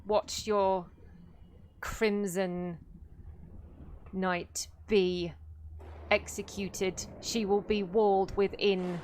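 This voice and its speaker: A gruff, arrogant male warlord gloats over his conquest and threatens all who defy him, as a woman narrator puts him on. He speaks slowly and deliberately, with a faint hiss behind the voice. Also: mid-range voice, level tone, darkish tone. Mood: menacing.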